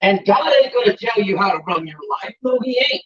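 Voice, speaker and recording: A man's voice: high voice, lively intonation, fairly quick, pushed and bright, breathy edge, dry recording, muffled recording. A man giving a live-streamed motivational talk, preachy and emphatic, swearing freely. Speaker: motivational livestreamer.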